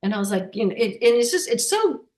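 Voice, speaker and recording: A woman talking as a guest, telling personal stories in a halting way with many restarts and fillers. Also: a little high, sing-song, darkish tone. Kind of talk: casual personal storytelling. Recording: roomy echo.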